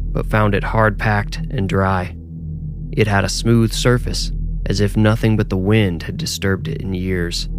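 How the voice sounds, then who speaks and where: A man reading a scripted horror story aloud in a measured, low-key storytelling manner.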